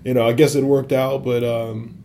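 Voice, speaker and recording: A man's voice: medium pitch, little pitch movement, moderate pace, gravelly, dark tone, slight background noise. A man in his thirties from Wisconsin, an assistant basketball coach, answering interview questions earnestly with many fillers. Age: 30s.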